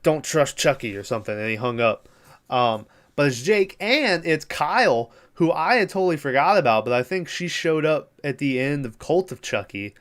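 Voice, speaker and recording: A man's voice: fairly high pitch, big pitch swings, normal speed, a bit bright. A young man hosting a podcast, giving a casual, rambling recap of a TV show with plenty of fillers and swearing. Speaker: podcast host.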